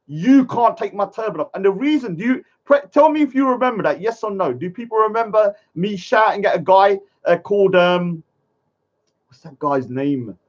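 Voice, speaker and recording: A man's voice: sits high, lo-fi sound. A young man ranting indignantly on a live stream, often checking in with "yeah?". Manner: indignant, repetitive, addresses viewers with "yeah?". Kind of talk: heated live-stream rant.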